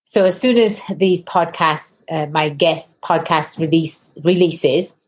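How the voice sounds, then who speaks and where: A woman hosting a podcast, her voice sitting a little low. She talks fast and with a lot of enthusiasm, piling on praise in a loose, casual conversational style. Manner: fast-talking, enthusiastic, effusive. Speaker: podcast host. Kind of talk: casual interview chat.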